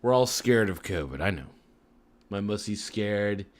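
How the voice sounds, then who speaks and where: A man's voice: on the low side, expressive, unhurried. A man chatting casually and jokingly on a livestream while eating, breaking into sing-song chants of silly rhymes. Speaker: streamer.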